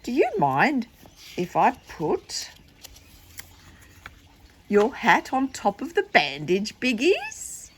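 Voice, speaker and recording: A man's voice: extremely high pitch, huge pitch swings, slow, pauses often, fairly bright tone, slight background noise, voice pushed up, exaggerated voice. A woman reading the part of a cheerful little toy boy, eager and fussing over his friend.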